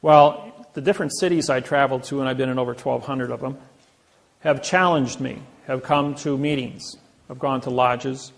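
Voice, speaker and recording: A man's voice: mid-range voice, steady tone, normal speed, vocal fry. A man speaking to a live audience, telling boastful stories and acting out the quotes of others. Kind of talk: anecdotal lecture to a live audience.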